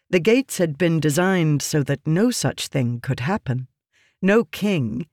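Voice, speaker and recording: Higher-voiced man reading a fantasy audiobook. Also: darkish tone, no echo, studio quality. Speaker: narrator.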